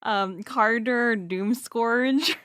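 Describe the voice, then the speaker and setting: A woman's voice: on the high side, drawn-out words, fairly bright tone, clear, resonant tone, no echo, studio quality. A woman who works behind the scenes on a podcast, chatting hesitantly and giggling as she reads out names. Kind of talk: casual chat.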